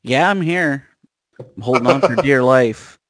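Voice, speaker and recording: A man's voice: mid-range voice, measured pace, a bit bright, no echo, clean studio sound. A man co-hosting a comedy podcast, cutting in with wry quips and mock-prim exclamations. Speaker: podcast co-host. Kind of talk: casual comedic banter.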